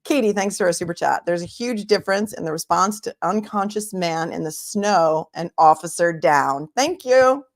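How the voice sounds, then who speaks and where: A woman's voice: lowish voice, moderate pace, hardly any pauses. A middle-aged woman with a Boston accent hosting a casual livestream as an attorney, reading viewer messages aloud and chatting about the day in court. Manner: chatty, warm thanks to viewers, thinks aloud. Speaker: attorney and trial commentary host. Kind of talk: casual livestream chat reading super chats.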